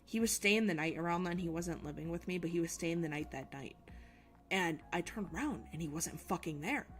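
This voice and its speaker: A young woman with a fairly low voice tells a story in loose, rambling casual chat, swearing freely as she goes. Faint music plays quietly behind her as she talks at her desk at home. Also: a little fast. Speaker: streamer.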